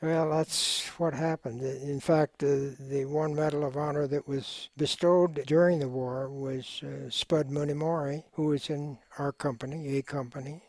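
An older man, a war veteran, speaking in an oral history interview in a measured, reflective way with frequent pauses and fillers. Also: fairly high pitch, steady tone, darkish tone, dry recording.

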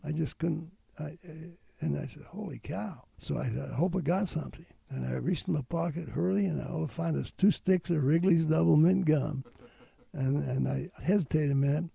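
Gravelly older man telling a story. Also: fairly high pitch, mellow, no room sound. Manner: earnest, halting storytelling with restarts. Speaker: interviewee. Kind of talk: storytelling interview.

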